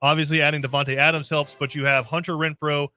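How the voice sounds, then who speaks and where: A man's voice: fairly high pitch, little pitch movement, bright, forceful tone, smooth. A man co-hosting a sports talk show who talks casually, teases his partner, and keeps pulling the talk back on topic. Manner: rapid, teasing, keeps steering back on topic. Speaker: co-host.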